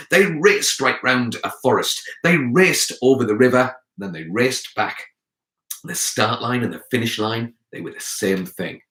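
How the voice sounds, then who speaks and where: Animated male storyteller for children. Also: medium pitch. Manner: animated, addresses children directly. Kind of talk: live storytelling for young children. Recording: roomy echo.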